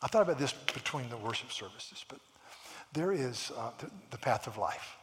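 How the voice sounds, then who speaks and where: A man preaching a sermon in a church, animated, often repeating words and acting out the people in his stories. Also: medium pitch, normal speed, big-room sound, noisy background. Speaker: pastor.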